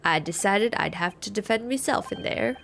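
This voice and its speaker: A woman voicing a brash, scheming middle-aged man with a lilting brogue, gruff and slow, in a game playthrough. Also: mid-range voice, animated, fairly bright tone, soft background music. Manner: blustering and conspiratorial. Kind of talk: video game voice-over playthrough.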